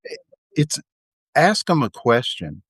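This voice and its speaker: A man talking as a guest in a casual live video chat, halting and filling pauses with um and you know. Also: mid-range voice, huge pitch swings, slightly rough, no room sound, clean studio sound. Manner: halting, full of fillers and restarts.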